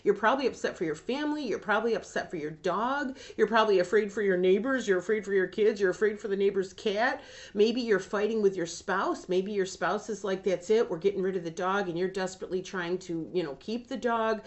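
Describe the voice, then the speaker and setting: A woman's voice: medium pitch, fairly quick. Earnest, emotional woman dog-training host. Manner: earnest and emotional, gets choked up. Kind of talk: emotional direct-to-camera talk.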